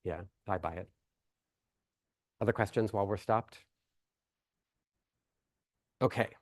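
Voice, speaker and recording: A man's voice: fairly low pitch, slow. A man giving a plenary lecture at a research workshop, speaking casually with many fillers and restarts. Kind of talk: academic conference talk. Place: lecture hall.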